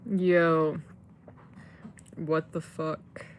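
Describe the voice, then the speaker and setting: A woman's voice: sits low, flat delivery, extremely slow, a little hiss or hum. Rambling, cursing woman livestreamer. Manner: rambling, swears when frustrated, filler-heavy. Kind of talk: casual livestream chat.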